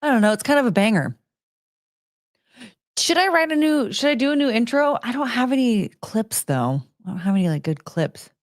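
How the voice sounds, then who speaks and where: A woman's voice: on the high side, big pitch swings, moderate pace, no room sound, studio quality. A woman chatting casually with her live-stream viewers, rambling and giggling and often breaking off mid-sentence. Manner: rambling, self-interrupting, giggly. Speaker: livestream host.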